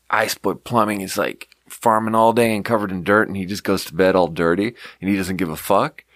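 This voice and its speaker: A man's voice: fairly low pitch, dry recording, studio quality. A man hosting a podcast, rambling in casual chat with frequent laughs and casual swearing. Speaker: podcast host.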